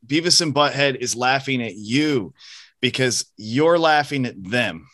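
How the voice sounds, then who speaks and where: A man in his forties in a casual podcast chat, talking in an animated way, swearing freely and laughing at his own jokes. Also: mid-range voice, moderate pace, dry recording. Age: 40s. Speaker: podcast co-host or guest.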